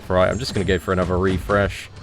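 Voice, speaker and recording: A chatty young man, lower-pitched than most, riffs through a game live stream in loose, slang-heavy talk. He keeps addressing viewers as his mates while he plays, with faint music running underneath. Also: fast. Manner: animated and chatty, heavy slang, calls viewers mate and lads. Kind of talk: casual live-stream commentary.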